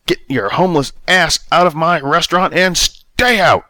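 A man's voice: on the high side, moderate pace, sharp tone, no echo, clean studio sound, pitched above the performer's own voice. A man voicing a cruel restaurant manager who screams harshly in a storybook reading. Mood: furious.

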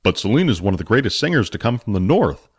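A man voicing Billy, a big, naive barbarian, lower and slower than his narration. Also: very animated, slightly rough. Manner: slow, lower, simple-minded.

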